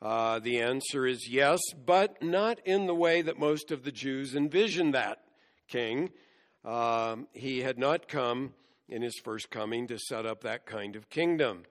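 A man preaching an expository sermon, explaining scripture verse by verse in a measured way. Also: mid-range voice. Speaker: pastor. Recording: long hall reverb.

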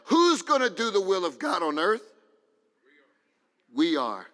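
A fervent male preacher with a high, bright, ringing voice that keeps climbing into shouted peaks. His sermon echoes with the long reverb of a big hall. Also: huge pitch swings, measured pace, pauses often. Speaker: pastor.

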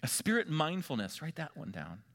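A man preaching a sermon, pressing his listeners with repeated rhetorical questions and swinging between loud stress and hushed, drawn-out words. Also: a little high, huge pitch swings. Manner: emphatic, asks the congregation repeated rhetorical questions. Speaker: pastor.

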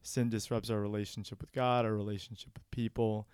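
Smooth-voiced man, earnest church talk. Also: lowish voice, level tone, a little fast, a little mellow, dry recording, clean studio sound. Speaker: church podcast panelist. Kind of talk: casual discussion of a sermon.

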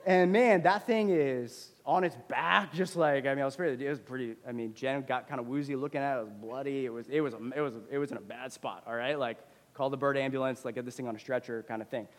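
A man's voice: medium pitch, fast talker, hardly any pauses. A middle-aged man, a pastor, preaching a sermon in a conversational, storytelling way. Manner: conversational, animated when retelling a story. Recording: long reverb of a hall.

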